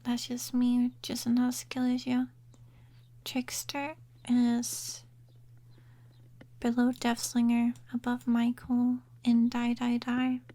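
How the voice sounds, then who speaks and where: A woman talking softly and in a half-whisper as she ranks game characters in a relaxed ASMR chat, trailing off and restarting her thoughts. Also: on the high side, takes it slowly. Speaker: ASMR gaming creator. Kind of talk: soft-spoken ASMR chat. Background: quiet rain sounds.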